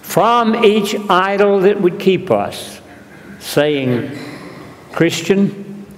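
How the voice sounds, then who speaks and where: A man preaching a sermon in a church, telling a story slowly and deliberately. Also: high-pitched, big pitch swings. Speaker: pastor. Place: church sanctuary. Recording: long reverb in a large hall.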